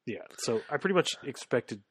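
A man's voice: mid-range voice, lively intonation, moderate pace, breathy edge. A man co-hosting a casual podcast, talking in a laid-back, hesitant way with frequent fillers. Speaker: podcast co-host. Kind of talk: casual chat.

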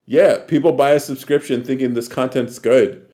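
A man's voice: medium pitch, steady tone, moderate pace, warm tone. A man hosting a podcast in casual chat, laughing often and swearing casually. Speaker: podcast host.

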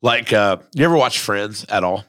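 A man's voice: lowish voice, lively intonation, moderate pace, fairly bright tone, no echo, clean studio sound. A man hosting a podcast in casual, crude, joking chat, reading listener messages aloud. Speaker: podcast host.

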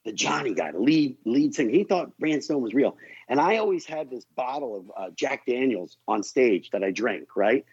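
A man appearing as a podcast guest, telling a story in a loose, animated, profane way full of asides. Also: mid-range voice, normal speed, creaky, slightly rough, dry recording, muffled recording. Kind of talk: casual storytelling.

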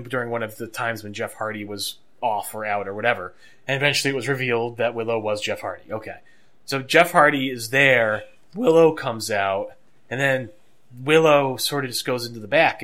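A man co-hosting a podcast, telling a story in an animated, wry way and riffing casually. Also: mid-range voice. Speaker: podcast co-host. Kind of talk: casual chat.

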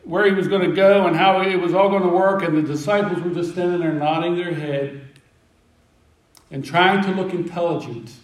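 A man preaching a sermon, retelling scripture as a lively story and acting out the disciples' lines with humor. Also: high-pitched, moderate pace, echoey room, recorded from a distance, poor audio. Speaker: pastor.

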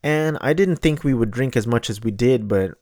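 A man's voice: medium pitch, normal speed, darkish tone, no room sound, studio quality. A man in his thirties telling a rambling travel story in a casual, wry way, often correcting himself mid-sentence. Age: 30s.

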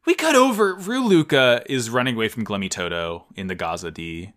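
A man co-hosting a podcast, recapping an anime episode in casual chat, animated and jokey, often jumping his voice up high for emphasis. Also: brisk. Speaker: podcast co-host.

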